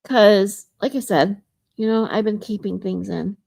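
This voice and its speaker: A woman live streamer talks casually to her viewers, reading their comments aloud and answering them, with frequent laughter. Her mid-pitched voice carries a gravelly fry. The sound is dry and close, with no room echo. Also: unhurried, darkish tone. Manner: chatty, reads out and answers chat comments, laughs often. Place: hotel room.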